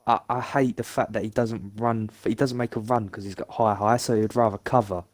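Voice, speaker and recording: A man's voice: on the low side, steady tone, fairly quick, dry recording. A man chatting casually about a football game, rambling and restarting his sentences. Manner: chatty, rambling, restarts often, laughs along. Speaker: podcast co-host.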